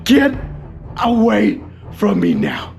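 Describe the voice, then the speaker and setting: A man's voice: sits high, wildly swooping pitch, slow pace, creaky, darkish tone, heavily acted. A man voicing an alarmed male schoolteacher who scolds a pupil. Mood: alarmed scolding. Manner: exasperated, scolding.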